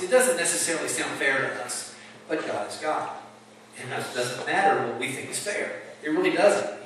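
A man's voice: medium pitch, bright, forceful tone, slight background noise. A man preaching a sermon in an emphatic, conversational way, asking rhetorical questions. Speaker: pastor. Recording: echoey hall, mic at a distance.

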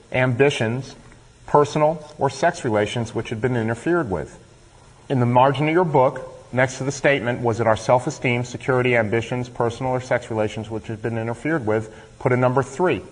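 A man leading a workshop, talking a group through written steps in a plain-spoken way. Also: medium pitch. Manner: plain-spoken, role-plays his own grudges. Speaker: workshop leader. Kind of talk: instructional talk to a group. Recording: long hall reverb.

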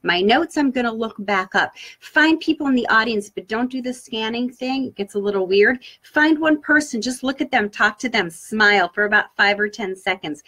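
A woman's voice: fairly high pitch, a little fast, hardly any pauses. Upbeat woman coaching public speaking. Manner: upbeat, coaching, lively inflection. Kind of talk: live-streamed training talk. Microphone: webcam or laptop mic for a live stream.

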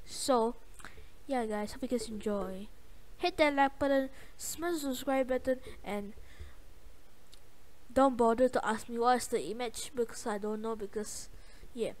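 A young woman hosting a gaming channel, giving casual, excitable gameplay commentary with a voice going hoarse. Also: on the high side, measured pace. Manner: excitable, yelps and trash-talks the game.

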